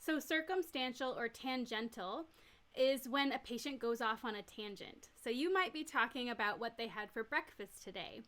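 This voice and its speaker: Female nurse educator, somewhat high and bright voice, plain step-by-step lecturing. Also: normal speed. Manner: clear, step-by-step explaining with everyday examples. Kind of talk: recorded teaching lecture.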